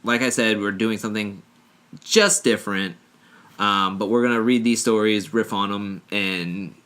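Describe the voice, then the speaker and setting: A man's voice: fairly low pitch, steady tone, normal speed, pushed and bright, smooth. A man co-hosting a casual podcast, reading dating stories aloud and joking, rambling and laughing often. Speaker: podcast co-host.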